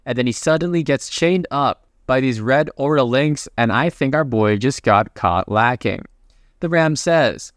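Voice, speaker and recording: A man casually narrating a comic recap in a chatty, excitable way. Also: mid-range voice, a little slow, no room sound, studio quality.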